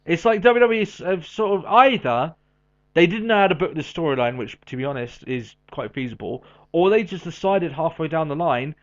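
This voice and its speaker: A man with a somewhat high voice co-hosts a podcast, chatting loosely and casually. He's animated, tosses in quick asides and laughs a lot, all in muffled, dull lo-fi audio.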